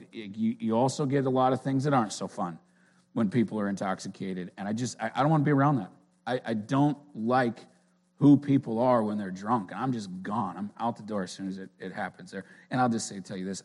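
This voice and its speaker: A man giving an informal sermon in an earnest, conversational way, often restarting his sentences. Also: medium pitch. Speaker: preacher.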